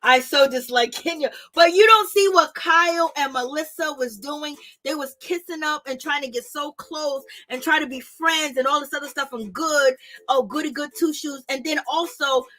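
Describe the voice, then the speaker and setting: A woman's voice: sits high, moderate pace. A young woman vlogger ranting casually and exasperatedly to her viewers, using lots of slang. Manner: exasperated, animated, slangy, talks to viewers directly. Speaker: vlogger reviewing reality TV.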